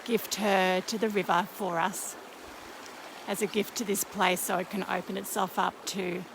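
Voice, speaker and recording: A woman leading an outdoor ceremony by a creek, speaking in a slow, gentle, soothing way, a little croaky. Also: medium pitch, flat delivery, noisy background. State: slightly croaky. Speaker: ceremony leader. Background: flowing stream.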